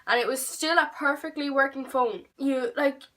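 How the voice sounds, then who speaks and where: A young woman rambling through a storytime vlog at home, swearing freely and getting animated. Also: high-pitched, normal speed. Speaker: vlogger. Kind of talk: storytime vlog, casual chat. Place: home room. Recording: voice a bit far from the mic.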